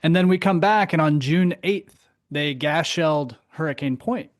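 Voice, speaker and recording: Man, 40s, somewhat high voice, brisk profane recollection, dry sound. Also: dry recording. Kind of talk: casual chat.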